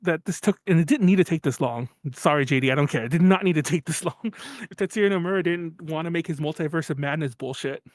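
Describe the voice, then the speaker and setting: A man co-hosting a casual podcast, ranting quickly and laughing often. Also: a little high, no room sound. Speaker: podcast co-host.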